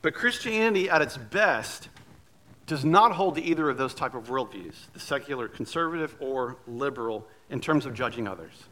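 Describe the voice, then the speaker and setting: A man's voice: mid-range voice, animated, normal speed, sharp tone. A man preaching a sermon as pastor, telling stories in a conversational way with light humor.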